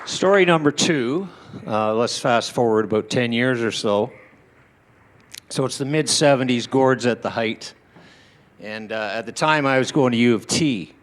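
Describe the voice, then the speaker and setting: A man's voice: mid-range voice, a little slow. A man in his sixties telling personal stories to an audience at a small indoor venue, acting out what his relatives said. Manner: animated, acts out shouted quotes of relatives. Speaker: storyteller at a tribute evening.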